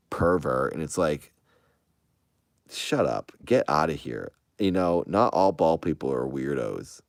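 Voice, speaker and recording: A man's voice: a bass voice, gravelly, darkish tone, no room sound, studio quality. A man chatting casually to his online audience, answering their comments in a rambling, defensive way. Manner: rambling and defensive, with frequent restarts. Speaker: streamer answering viewer comments.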